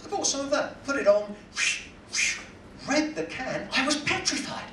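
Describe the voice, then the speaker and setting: A man's voice: very high voice, lively intonation, normal speed. A man doing a stand-up comedy set, delivering punchlines and acting out quotes. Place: cruise ship cabaret room. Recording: echoey room, distant mic, loud audience noise.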